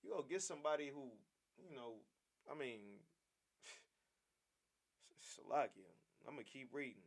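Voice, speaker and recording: A man's voice: mid-range voice, animated, slow, vocal fry. A man teaching a Bible class in a preaching style, emphatic and repetitive, often calling his listeners "man".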